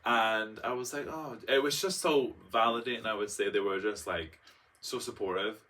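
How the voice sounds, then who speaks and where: A man's voice: on the low side, moderate pace, sharp tone. A young man telling a personal story in a chatty, dramatic vlog style, full of fillers and acted-out quotes. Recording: voice a bit far from the mic.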